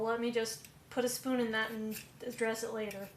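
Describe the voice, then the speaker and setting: A woman's voice: a little high, flat delivery, moderate pace, slight background noise. A woman streaming live while cooking at home, chatting in a rambling, jokey, self-deprecating way. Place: home kitchen. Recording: echoey kitchen with clattering dishes.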